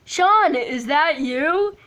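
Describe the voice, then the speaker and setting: A woman's voice: high-pitched, lively intonation, very slow, fairly bright tone, pitched above the performer's own voice, heavily acted. Woman doing a bewildered young man. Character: bewildered young man seeking his friend.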